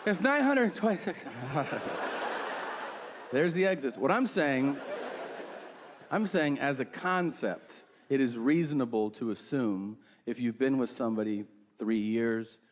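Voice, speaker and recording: A man doing stand-up comedy, telling a story with incredulous delivery and acting out both sides of the dialogue. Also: medium pitch. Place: live comedy venue with audience. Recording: live show with audience noise.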